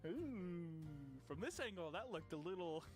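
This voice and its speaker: A man's voice: mid-range voice, lively intonation, a little fast, fairly bright tone, faint music behind. A young man streaming, giving casual reaction commentary in a profane, mocking way and laughing often.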